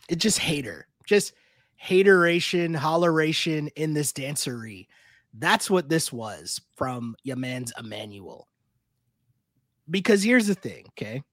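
A man's voice: on the high side, no room sound, studio quality. A man co-hosting a casual recap podcast, ranting emphatically and fired up. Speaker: podcast co-host.

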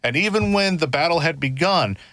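A man talks through his ideas in a relaxed discussion, circling back and restarting as he builds each point. His voice is bright and forceful, and it sounds dry and close to the mic. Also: a little high, fairly quick, dry recording. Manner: earnest, explains at length with many restarts. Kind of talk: casual discussion.

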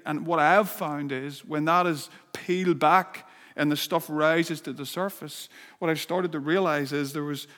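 Earnest high-voiced male preacher. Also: a bit bright. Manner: earnest, rising to fervent when reading scripture. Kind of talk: sermon with prayer. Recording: long hall reverb.

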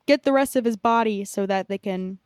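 A woman's voice: medium pitch, brisk, a little mellow, clear, resonant tone, dry recording. A young woman co-hosting a podcast in casual chat, rambling with lots of fillers and casual swearing. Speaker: podcast co-host.

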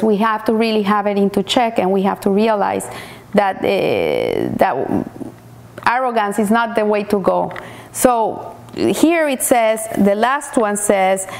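A woman giving a weekly Torah talk, speaking in halting bursts and often repeating words as she searches for them. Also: mid-range voice, lively intonation, gravelly, a little mellow. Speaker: Torah teacher.

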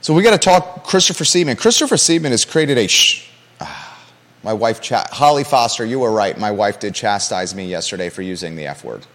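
A man's voice: on the low side, lively intonation, fairly quick, fairly bright tone, long reverb tail. A man hosting a live local talk show from a studio, passionate and emphatic, often repeating his key points.

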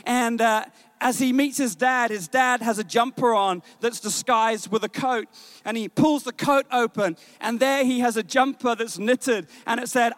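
A male pastor preaching a sermon, telling family stories with many restarts and rising to slow, emphatic exhortation. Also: dry recording. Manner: animated storytelling, many repeated words and restarts; rises in pitch and slows when exhorting. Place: church stage.

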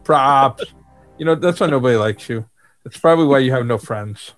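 A man's voice: medium pitch, normal speed, soft background music. A middle-aged man hosting a podcast, telling stories in casual chat and laughing often. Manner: animated storyteller who laughs often. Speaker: podcast host.

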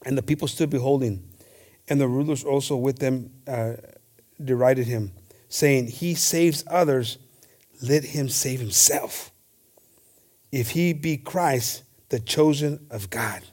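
A man's voice: medium pitch, slow pace, darkish tone. A man preaching a bilingual sermon, reading scripture and often stammering and restarting as he calls his listeners "hermanos". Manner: switches between English and Spanish, repeats "hermanos".

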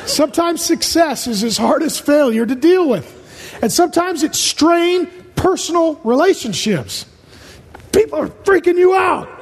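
A man preaching a humorous sermon as a pastor, firing off punchy jokes and short lists in a large church auditorium. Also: extremely high pitch. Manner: rapid-fire jokey delivery, punchy short lists. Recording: reverberant hall.

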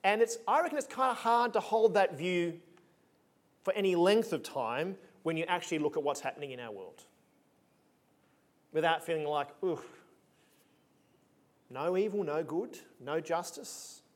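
Man, preaching, conversational and emphatic, fairly high voice. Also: moderate pace, long pauses. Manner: conversational, emphatic, punchy asides. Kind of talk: sermon.

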